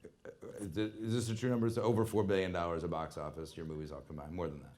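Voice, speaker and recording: Guy interviewing someone on stage, lowish voice, casual and a bit halting. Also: steady tone, darkish tone. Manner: casual, halting, friendly questioning. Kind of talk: on-stage conversation. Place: live talk in a theater.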